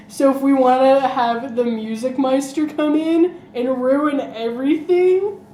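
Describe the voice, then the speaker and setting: Woman co-host, slow unhurried delivery, giggly and chatty, recorded in a roomy echoey room. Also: high voice, dark tone, a little hiss or hum. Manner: giggly, heavy use of "like" fillers. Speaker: podcast co-host. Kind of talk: casual chat.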